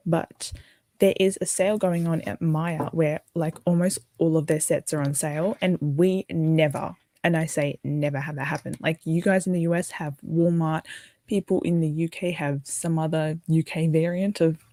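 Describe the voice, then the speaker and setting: A woman's voice: low-pitched, steady tone, moderate pace, dark tone. A tired young Australian woman hosting an early-morning livestream, rambling casually and answering viewer comments as she builds. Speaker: livestream host.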